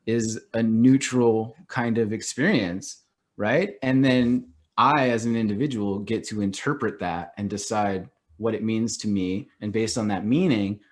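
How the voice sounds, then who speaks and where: A middle-aged man talking as a podcast guest in casual conversation, animated and loose, leaning on "like" and acting out little quoted reactions. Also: fairly low pitch, a little slow. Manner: animated, acts out quoted reactions, heavy use of "like".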